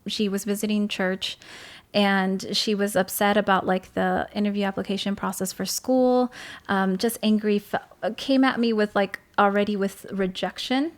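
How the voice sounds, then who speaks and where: Woman, teaching pastor, guest at home; earnest, filler-heavy storytelling, even middle pitch. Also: moderate pace. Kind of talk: casual chat, personal testimony.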